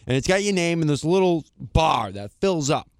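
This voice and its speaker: Animated, exasperated man telling a story. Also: on the high side, moderate pace, gravelly, dry recording, studio quality. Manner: animated, acts out both sides of a story, swears casually. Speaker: podcast co-host. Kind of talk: casual chat, storytelling rant.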